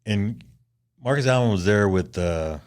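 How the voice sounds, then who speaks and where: A man's voice: lowish voice, lively intonation, a little slow, a little mellow. An older man co-hosting a podcast, telling a long casual anecdote with lots of "you know" and chuckles. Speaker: podcast co-host. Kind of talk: casual storytelling chat.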